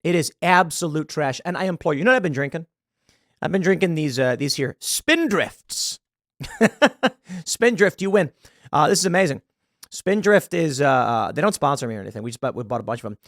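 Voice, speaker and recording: Man, American, commentary host, ranting, animated, dry close mic. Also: fairly high pitch, brisk, dry recording. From United States. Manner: ranting, animated, laughs mid-sentence. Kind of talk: casual commentary.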